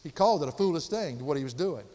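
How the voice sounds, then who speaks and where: A man preaching a sermon, earnest, slowing down and building for emphasis. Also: on the high side, expressive, dark tone. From Southern United States. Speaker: pastor. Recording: reverberant church hall.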